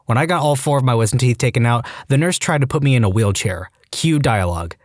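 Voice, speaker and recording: A man narrating Reddit stories for a podcast, his voice swinging widely in pitch as he reads. The sound is close and dry, with no room around it, and he slips eagerly into acted bits of dialogue. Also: fast talker, no room sound. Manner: animated reading that jumps into high-pitched acted quotes. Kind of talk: reading Reddit stories aloud.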